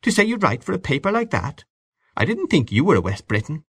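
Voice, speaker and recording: A man's voice: fairly high pitch, big pitch swings, fairly quick, fairly bright tone, husky, pitched above the performer's own voice, exaggerated voice. A man voicing a frank, talkative young woman who questions bluntly and insistently in a storybook reading. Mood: indignant.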